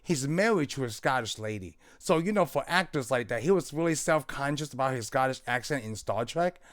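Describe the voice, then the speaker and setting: A man's voice: medium pitch, expressive, fairly quick, a bit bright. A man co-hosting a casual movie podcast, rambling and searching for words as he tells a story. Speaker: podcast co-host.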